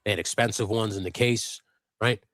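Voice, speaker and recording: A man with a fairly low voice tells a long, animated story, swearing freely as he goes. It is relaxed, casual live-stream chat. The sound is dry and close, with no room echo. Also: a little fast. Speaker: co-host of a live customizing stream.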